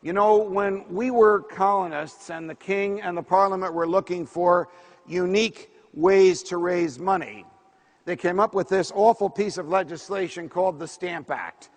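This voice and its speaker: A man's voice: sits high, moderate pace. A man giving a political speech, emphatic and rhetorical, lecturing a crowd. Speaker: speaker. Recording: reverberant hall.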